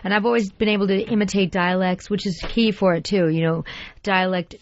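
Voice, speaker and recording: Woman, voice actress guest, chatty and animated. Mid pitch, dry close-miked studio sound, slightly dull. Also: fairly quick, slight background noise. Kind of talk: radio interview conversation. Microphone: studio microphone.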